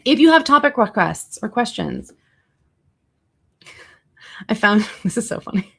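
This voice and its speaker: Chatty woman livestreaming, gravelly voice. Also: on the high side, very animated. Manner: chatty, rambling, quick asides to chat. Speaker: livestreaming content creator. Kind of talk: casual livestream chat.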